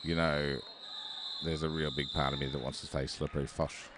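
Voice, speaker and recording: An Australian man calls a roller derby bout over a headset mic. His voice sits very low, and he rambles chattily between plays, with lots of fillers and self-deprecating asides. A faint hum of background noise sits under the call. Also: flat delivery, fairly quick. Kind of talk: live sports commentary.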